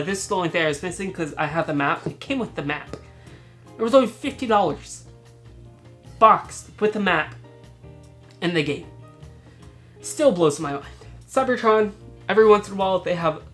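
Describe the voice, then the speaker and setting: A woman with a fairly low voice hosts a casual haul vlog, showing off her thrift finds. She talks in a chatty, rambling way, laughs often and restarts her words. Faint music plays behind her.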